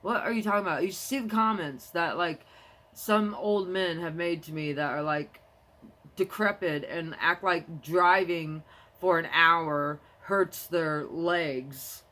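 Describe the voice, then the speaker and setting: A young adult woman talking to camera in a rambling casual monologue, jumping between topics and quick to get heated. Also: on the low side, bright, forceful tone. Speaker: vlogger.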